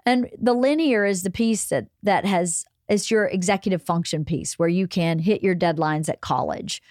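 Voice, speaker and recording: A middle-aged woman hosting a casual family chat, giving calm, gently lecturing advice. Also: lowish voice, moderate pace, dry recording, clean studio sound. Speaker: podcast host and mother.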